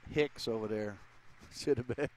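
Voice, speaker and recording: A man's voice: mid-range voice, measured pace, darkish tone, slight background noise. A man calling a women's college basketball game, chatting easily as play-by-play announcer. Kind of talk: sports commentary.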